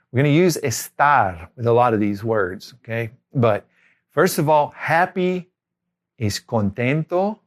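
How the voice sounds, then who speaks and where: A middle-aged man giving a spoken vocabulary lesson as a tutor, repeating each word twice for learners. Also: mid-range voice. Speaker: language tutor.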